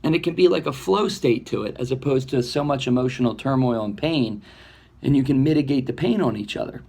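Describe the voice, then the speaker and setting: A man, a comedy filmmaker, talking in a rambling, reflective monologue that grows animated as he acts out imagined voices. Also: on the low side.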